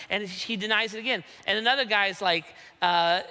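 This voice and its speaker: High, bright-voiced preacher in a hall. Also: male voice, brisk, hardly any pauses. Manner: conversational, keeps asking "right?". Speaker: pastor. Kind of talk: sermon.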